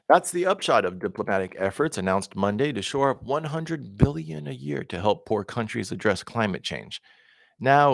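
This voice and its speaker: A man's voice: medium pitch, gravelly, no room sound, studio quality. A man reading news articles aloud in a plain voice, with occasional stumbles and repeats and offhand asides. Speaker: independent candidate reading the news.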